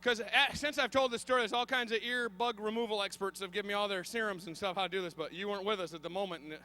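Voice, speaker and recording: High, bright-voiced comic storyteller man. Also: fast talker. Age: 30s. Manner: animated, frantic, breaks into shouting. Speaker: comedian.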